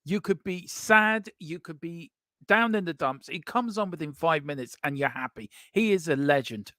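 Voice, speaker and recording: Fairly high-voiced guy co-hosting, opinionated, pushes guests with questions, dry sound. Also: lively intonation, normal speed, a bit bright, no echo. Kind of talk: live fan stream chat.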